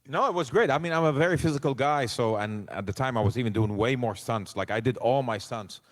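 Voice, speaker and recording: A man telling lively stories as a guest on a convention panel, acting out the voices of the people he quotes and swearing casually. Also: mid-range voice, a little fast. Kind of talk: animated storytelling. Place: convention hall stage. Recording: long hall reverb.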